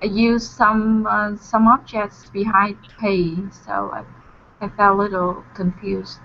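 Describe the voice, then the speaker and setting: A woman learning English answers slowly and hesitantly, searching for her words. Her voice has a gravelly fry. The call audio is dull, with a faint hum of ambience behind it. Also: medium pitch. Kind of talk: answering in class.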